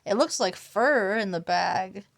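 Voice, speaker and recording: A woman's voice: medium pitch, expressive, a little slow, gravelly. A woman casually telling a family story, rambling and restarting often and laughing between lines. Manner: quotes family members in livelier voices. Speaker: vlogger.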